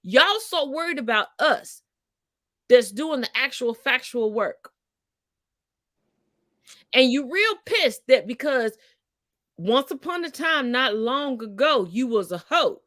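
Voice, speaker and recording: A woman in her forties co-hosting a live stream, brash and profane, teasing her co-host and swooping up loud when excited. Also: high-pitched, slow pace, long pauses, no room sound, studio quality. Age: 40s.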